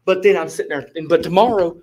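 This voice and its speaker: Man, high voice, loose and animated storyteller, casual church-group testimony. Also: fast talker. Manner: animated, rambling storyteller, repeats "flipping" as a filler. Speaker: bible study group member.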